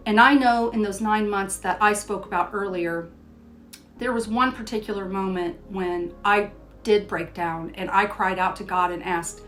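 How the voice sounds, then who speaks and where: An older woman speaks at an ordinary, mid-range pitch, recounting a family story in an easygoing, personal way. She moves between plain storytelling and reading scripture aloud in a devotional teaching style. Soft music plays faintly behind her voice. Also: steady tone, normal speed. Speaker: host of a Christian devotional show.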